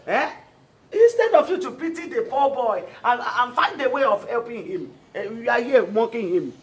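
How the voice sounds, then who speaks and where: A middle-aged Nigerian mother, compassionate but stubborn, speaking in a fairly low voice with lively rises and falls in pitch. She scolds in a reproachful, insistent way. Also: normal speed, husky. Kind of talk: film acting.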